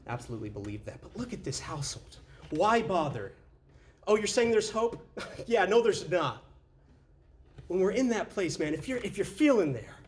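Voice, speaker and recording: A man's voice: a little high, a little mellow. A man preaching a casual, conversational sermon as a pastor, often saying "man" and restarting his sentences. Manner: conversational, says "man" a lot, with frequent restarts.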